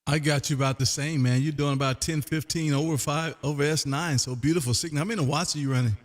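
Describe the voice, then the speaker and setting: A man hosting a casual ham radio chat, loud and folksy, calling everyone man. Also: fairly high pitch, steady tone, fast talker, long reverb tail. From Texas.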